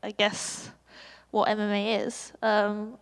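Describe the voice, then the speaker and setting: An English woman fighter with a squeaky voice, chatting self-critically in a post-fight press conference with many ums. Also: monotone, slow pace, long reverb tail. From England.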